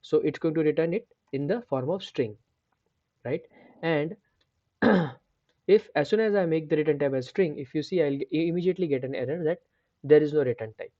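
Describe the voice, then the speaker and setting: A man's voice: fairly high pitch, normal speed, dry recording, muffled recording. A man hosting a coding tutorial, explaining step by step and checking in with repeated "right?" and restarts. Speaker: programming tutor. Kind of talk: screen-share coding tutorial.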